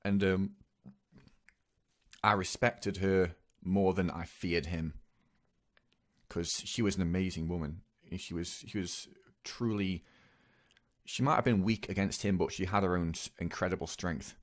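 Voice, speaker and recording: A young man speaking in a hesitant, halting way, with many pauses and restarts, in a personal confessional monologue. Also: low-pitched, fairly even intonation. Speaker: vlogger.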